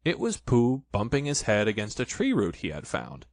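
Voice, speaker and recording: A man reads a children's storybook aloud, expressive and playful. His voice rises and falls a lot. The sound is dry and close. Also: fairly low pitch, normal speed, dry recording. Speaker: narrator.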